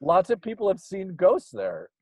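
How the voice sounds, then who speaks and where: A man telling a ghost story in a rambling, casual way, full of fillers, getting animated as it builds. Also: high voice, normal speed, rough recording. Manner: rambling, filler-heavy, gets animated when excited. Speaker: guest storyteller.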